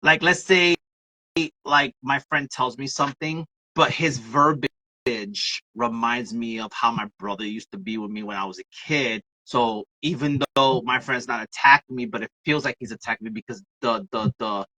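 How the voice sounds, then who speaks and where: A woman's voice: a bass voice, moderate pace, no echo, poor audio. A woman guest on a podcast, talking casually and acting out the voices of people she quotes as she tells her stories. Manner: animated storyteller, acts out quoted voices. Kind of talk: casual conversation.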